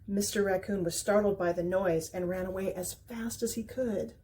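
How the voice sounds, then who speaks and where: Woman, picture book reader, gentle and expressive, mellow soft voice, faint background hiss. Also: medium pitch, normal speed. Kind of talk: reading a children's book aloud.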